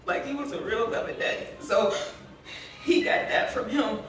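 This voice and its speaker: A woman with a fairly high voice speaks at a normal pace in a documentary interview, recounting a personal story in a blunt, profane, rambling way full of fillers. The distant mic captures a very echoey room, and soft music plays beneath her.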